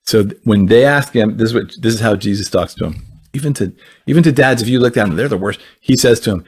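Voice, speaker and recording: Gravelly, husky man teaching earnestly. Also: on the low side, fast talker. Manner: earnest, repeats words and restarts phrases. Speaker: Christian ministry speaker. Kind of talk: conversational teaching.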